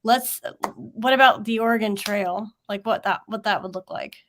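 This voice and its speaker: A woman's voice: medium pitch, normal speed, a bit bright, slight background noise. A woman with a Southern US accent hosting a webinar over a video call, chatty and laughing often, with many fillers. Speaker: webinar host and teacher. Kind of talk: casual chat.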